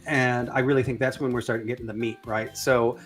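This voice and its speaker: A man's voice: mid-range voice, little pitch movement, fast talker. A man leads a casual online discussion in an ordinary mid-range voice. He speaks hesitantly and keeps restarting his sentences with fillers. Faint music plays in the background. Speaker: debate host.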